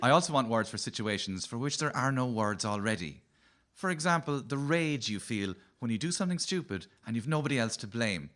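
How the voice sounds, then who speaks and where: A man's voice: medium pitch, animated, a little fast, fairly bright tone. A man with a Cork Irish accent hosting a radio comedy show, telling wry, playful stand-up stories. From Cork, Ireland. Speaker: comedian host.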